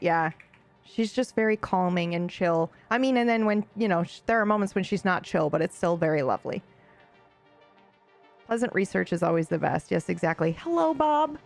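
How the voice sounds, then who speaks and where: Bubbly, giggly woman streamer. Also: lowish voice. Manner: bubbly, giggly, chatty with asides to chat. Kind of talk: casual live-stream chat.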